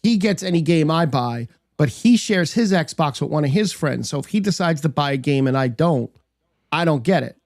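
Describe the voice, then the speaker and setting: A man's voice: fairly high pitch, expressive, normal speed, a little mellow, no echo, clean studio sound. A man co-hosting a podcast, chatting easily about games and wrestling, thinking aloud with restarts. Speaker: podcast co-host. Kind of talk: casual wrestling chat.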